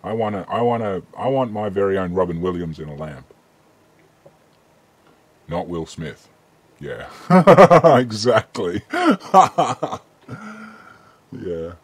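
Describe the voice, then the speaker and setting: A man with an Australian accent and a deep, husky voice hosts a laid-back live-stream Q&A. He talks in a relaxed, chatty way, reading out viewers' questions and filling pauses with ums. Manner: relaxed, chatty, reads chat questions aloud with frequent ums.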